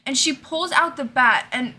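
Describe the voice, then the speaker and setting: A woman's voice: high voice, moderate pace, bright, forceful tone. A young woman in casual chat, retelling TV scenes and repeatedly breaking into laughter. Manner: giggly, keeps cracking up while retelling scenes. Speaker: co-host. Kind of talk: casual chat recapping a TV series.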